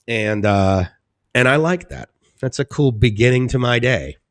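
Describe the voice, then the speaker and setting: A middle-aged man hosting a live stream, talking casually and rambling, laughing often and swinging between soft musing and excited high bursts. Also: a little slow, clear, resonant tone, no room sound, clean studio sound. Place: indoors at home.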